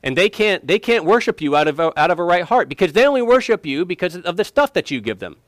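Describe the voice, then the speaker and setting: A man's voice: sits high, sing-song, fast, no echo, pitched above the performer's own voice. A man voicing Satan as a scheming male accuser who challenges God with a sneer. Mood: challenging.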